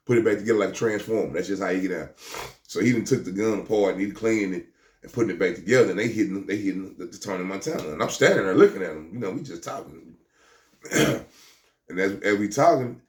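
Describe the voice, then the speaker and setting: A man's voice: on the low side, big pitch swings, a little fast, pauses often, roomy sound. A man telling a first-person street story in casual slang, often restarting his words and acting out what others said. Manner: stammering restarts, slangy, acts out the voices of others.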